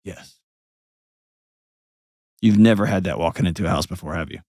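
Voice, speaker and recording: A man's voice: low voice, normal speed, darkish tone, no room sound, studio quality. A man hosting an advice call-in show, talking bluntly and painting vivid scenes as he coaches a caller. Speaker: host.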